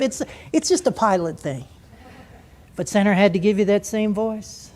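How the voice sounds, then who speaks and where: A man's voice: sits high, moderate pace, a little hiss or hum. An older man, a former military pilot, telling a humorous story to a live audience and acting out the voices. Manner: animated, humorous, acts out voices.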